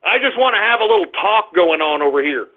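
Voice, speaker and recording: A man hosting a call-in internet radio show, ranting in a brash, confrontational way with drawn-out taunts. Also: high voice, animated. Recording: tinny phone-like audio.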